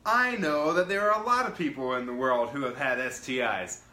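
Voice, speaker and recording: A man's voice: medium pitch, bright, forceful tone, reverberant, low-quality recording. A man hosting his own live-stream show, chatting casually and greeting viewers by name in an upbeat way. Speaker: livestream show host.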